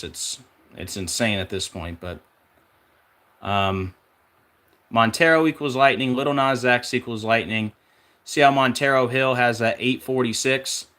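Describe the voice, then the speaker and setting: A man's voice: mid-range voice, fairly bright tone. Male vlog host, mid-range voice, rambling conspiratorial monologue full of fillers. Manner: rapid, listing numbers and links, conspiratorial; off-track, searching aloud with fillers. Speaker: numerology video host.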